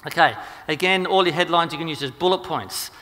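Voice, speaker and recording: A man giving a rapid, energetic marketing seminar talk, full of ums and restarts. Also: fairly high pitch, in a large hall. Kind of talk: seminar presentation. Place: seminar hall.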